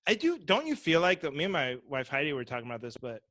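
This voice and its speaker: A man co-hosting a podcast in casual chat, animated and acting out mocking voices. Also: a little high, quick pace, dry recording, studio quality. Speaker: podcast co-host.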